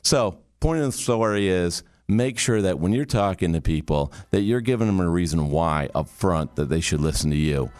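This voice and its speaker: A man from Michigan giving a motivational talk on communication, telling a story and coaching in a lively, punchy way. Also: deep voice, moderate pace, hardly any pauses. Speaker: communication speaker.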